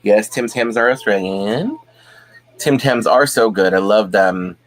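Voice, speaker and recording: A man's voice: on the low side, a little slow. A man hosting a casual live stream at home, chatting and reading viewer comments, rambling with many fillers and restarts.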